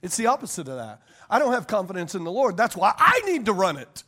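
A male pastor preaching a sermon to a congregation, telling animated, joking stories and laughing often. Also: high-pitched, fairly quick, hardly any pauses. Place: church service before a congregation.

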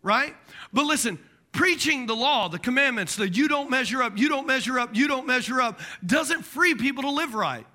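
A man with a very high, bright, piercing voice preaches a sermon to his congregation. He is middle-aged and animated, joking as he acts out little quoted voices and drops into muttered asides. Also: moderate pace. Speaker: pastor.

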